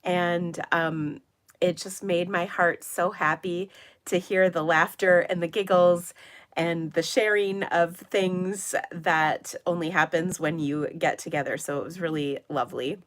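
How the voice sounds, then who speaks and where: A woman's voice: fairly low pitch, fairly even intonation, unhurried. A middle-aged woman hosting a papercraft livestream, chatting casually and rambling with many fillers, her voice congested and nasal from a cold. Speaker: papercraft channel host.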